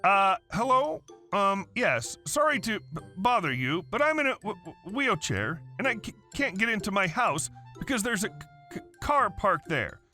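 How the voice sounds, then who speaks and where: A man's voice: sits high, sing-song, moderate pace, bright, forceful tone, soft background music, exaggerated voice. A man voicing a tenant in a wheelchair who puts on a stammer and pleads for help on the phone. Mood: pleading. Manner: stammering, hesitant.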